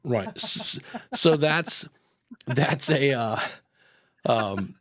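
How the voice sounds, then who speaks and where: A man's voice: medium pitch, expressive, very slow, fairly bright tone. A man hosting a live podcast in casual chat, rambling into tangents with lots of fillers. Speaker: podcast host.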